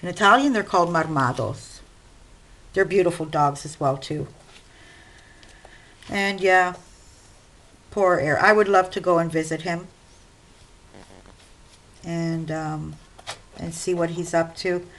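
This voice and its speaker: A woman's voice: lowish voice, takes it slowly, long pauses, fairly bright tone, low-quality recording. A middle-aged woman vlogging casually while working at her craft desk at home, rambling and speaking straight to her viewers. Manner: chatty, rambling, addresses viewers directly.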